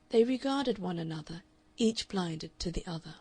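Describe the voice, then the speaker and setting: A woman narrating a classic novel in a steady, measured audiobook reading. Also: lowish voice, slightly rough. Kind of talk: scripted narration.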